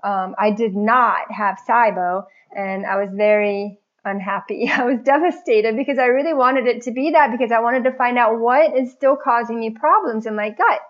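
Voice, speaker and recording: A woman telling her own story as a podcast guest in a chatty, animated way, often breaking into laughter. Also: a little high, normal speed, hardly any pauses, lo-fi sound. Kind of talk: casual personal story.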